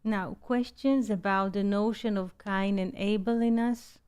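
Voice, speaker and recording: Woman teacher, slow and measured, video call, keeps asking "yes?". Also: medium pitch, steady tone, a little mellow, clear, resonant tone. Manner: unhurried, often checks in with "yes?". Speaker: spiritual teacher hosting an online group call.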